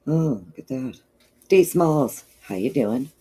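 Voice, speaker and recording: A woman hosting a casual livestream, greeting viewers in chat by name and calling them honey and darling, sounding low on energy and clearing her throat often. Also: lively intonation, slow, dark tone. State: low energy, not feeling peppy. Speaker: livestream host.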